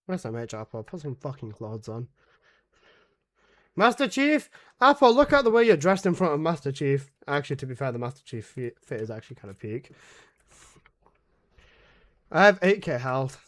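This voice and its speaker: Young guy streaming a game, kinda high voice, rambly and sarcastic, swears a lot. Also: big pitch swings, normal speed, long pauses. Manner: rambling, sarcastic, swears freely, talks to teammates. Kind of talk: casual live-stream commentary while playing.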